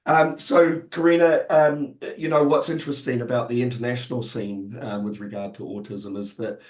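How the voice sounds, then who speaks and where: A man with a New Zealand accent, hoarse and croaky from being unwell, talking as a guest in a webinar with many fillers and restarts. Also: mid-range voice, flat delivery, brisk, a little mellow, reverberant. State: hoarse from illness. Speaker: panel guest. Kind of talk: webinar discussion.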